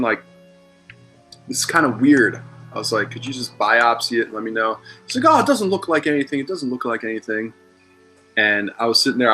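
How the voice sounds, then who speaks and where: Candid, bright-voiced man telling stories. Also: on the low side. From Philadelphia, USA. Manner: candid rambling storyteller, swears freely. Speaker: podcast guest. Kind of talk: casual chat.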